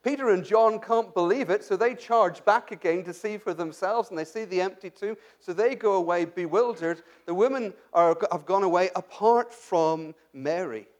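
A man with a high voice preaches a sermon as if chatting with his congregation. He asks rhetorical questions and often restarts his sentences as he works through the passage. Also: moderate pace, few pauses. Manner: addresses the congregation directly. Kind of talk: sermon, Bible exposition.

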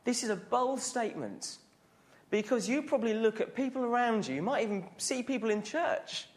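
A man's voice: extremely high pitch, expressive, normal speed. Conversational male preacher. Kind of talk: sermon.

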